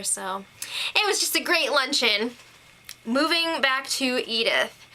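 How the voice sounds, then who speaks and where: Bright, chatty young woman recapping. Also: fairly high pitch. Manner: gushing, chatty, with laughs and fillers. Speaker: TV recap vlogger. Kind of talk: casual episode recap to camera.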